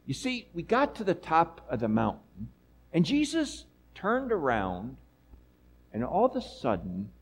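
A man's voice: on the high side, a little slow, husky, full character voice, poor audio. A man playing an awed apostle eyewitness. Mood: storytelling. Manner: lively storytelling with chatty asides to listeners. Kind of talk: first-person dramatic monologue.

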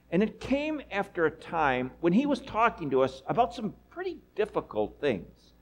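A man's voice: a little high, a little hiss or hum, poor audio. A man playing an awed apostle eyewitness. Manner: lively storytelling with chatty asides to listeners. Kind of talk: first-person dramatic monologue.

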